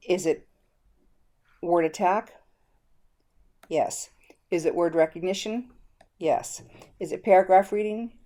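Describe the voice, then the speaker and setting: Low, mellow-voiced woman presenting a lesson. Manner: explanatory, demonstrating teacher prompts. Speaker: educator presenting a reading method. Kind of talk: teaching presentation.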